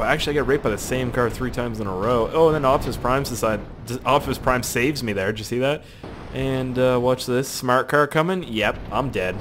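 Excitable swearing man narrating his gameplay. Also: medium pitch, slight background noise. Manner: excitable, yelps and laughs at crashes, heavy swearing; rambling running commentary to himself. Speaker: gaming YouTuber. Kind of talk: let's play commentary.

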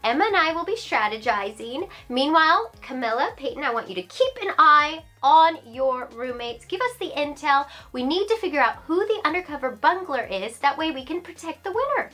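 A woman's voice: high-pitched, lively intonation, normal speed, few pauses, sharp tone, faint music behind. A young woman acting as the bossy, upbeat leader in a teen series.

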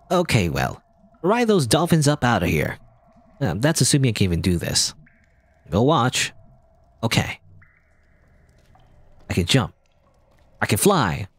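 A man hosting a let's play, reading game dialogue aloud and commenting in a playful, animated way. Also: lowish voice, breathy edge, no room sound. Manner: animated, playful, voices characters.

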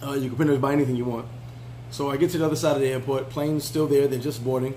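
A man's voice: medium pitch, steady tone, racing, warm tone, slight background noise, rough recording. A man telling a travel story in a casual, laid-back way, full of fillers and restarts. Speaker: travel vlogger.

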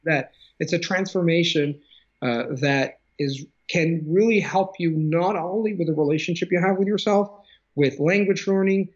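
A man with a slightly high voice explains his ideas in a thoughtful interview, often restarting mid-sentence and reaching for examples. He works as a language coach. His voice comes through a dull, lo-fi video call. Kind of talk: conversational interview.

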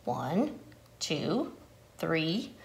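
A woman's voice: low voice, sing-song, very slow, vocal fry, voice pushed down, exaggerated voice. A woman voicing an eager iguana helper who grumbles and glares when things go wrong.

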